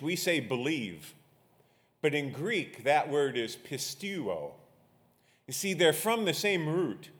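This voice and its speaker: A man preaching a sermon as pastor, leading a prayer and explaining scripture with rising emphasis. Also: mid-range voice. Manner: prays quietly, then preaches with rising emphasis.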